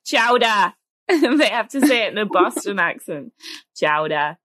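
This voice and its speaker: A woman's voice: mid-range voice, big pitch swings, normal speed, husky, no echo. A woman co-hosting a cookbook podcast, chatting casually and laughing often. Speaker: podcast co-host. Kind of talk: casual chat.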